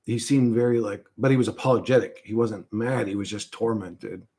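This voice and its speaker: Man, casual rambling monologue, loose and halting, swears a lot, keeps trailing off and restarting. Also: fairly low pitch, fairly even intonation, mellow. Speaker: streamer recounting a vision.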